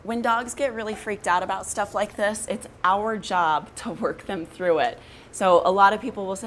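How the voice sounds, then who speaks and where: A woman dog trainer talks through her methods in an everyday, mid-pitched voice. She explains steadily and directly to the viewer, with a little faint noise behind her. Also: moderate pace. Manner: explains plainly, then switches to a high, gushing praise voice for the dog. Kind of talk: instructional dog training vlog.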